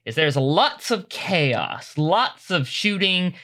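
A man with a bright, forceful voice runs a tabletop game for his friends. He describes the scene casually, with plenty of fillers and quick laughs. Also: a little high, very animated. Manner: loose, joking, with laughs and filler words. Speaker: game master.

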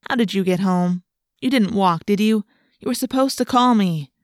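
A woman's voice: medium pitch, normal speed, a little mellow, no echo, clean studio sound, close to an everyday voice. A woman voicing a caring mother who frets and fusses over her daughter. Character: worried caring mother, a busy lawyer.

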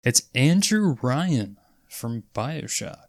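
A man in casual chat, explaining quickly and eagerly, swearing freely. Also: mid-range voice, sing-song, dry recording, clean studio sound.

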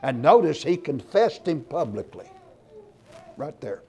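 A man's voice: a little high, sing-song, measured pace, breathy edge. A man preaching a sermon, reading scripture aloud and pressing his points with emphasis. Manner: emphatic, rising loud on scripture and lists.

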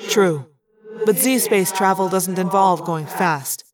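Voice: medium pitch, slow, music in the background, close to an everyday voice. A reader voicing a young, earnest male alien cadet who speaks timidly and eagerly.

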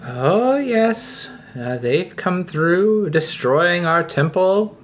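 A wary, lonely keeper of a crypt talks in a hesitant, higher voice, as a man game master puts him on. The words come halting and unsure, with long pauses. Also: expressive, slight background noise, full character voice. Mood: wary welcoming. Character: hooded masked keeper of a crypt, lonely, guarded.

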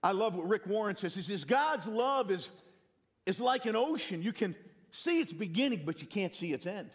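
A man in his sixties, a pastor with a Northeastern US accent, preaches at a moderate pace in a high voice. He tells animated stories that poke fun at himself and frequently restarts.

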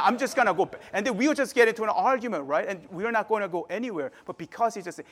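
Preacher, male, relaxed talk-style sermon, fairly high-pitched, casual pulpit delivery. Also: fast. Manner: conversational preaching, frequent "right?" tags.

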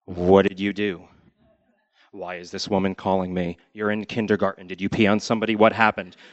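A man's voice: low-pitched, flat delivery, no echo, lo-fi sound, lightly acted. A man voicing a frazzled mother who fires worried questions at her young son. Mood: alarmed. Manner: rapid-fire worried questions.

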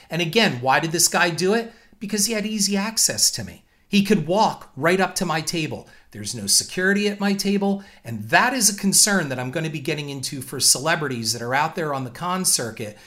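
A man hosts his own show and recounts run-ins from his career in an emphatic monologue. His voice sits a little high and comes across bright and forceful. He stays firm and indignant, setting out his points in numbered order. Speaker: filmmaker and show host. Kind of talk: storytelling monologue.

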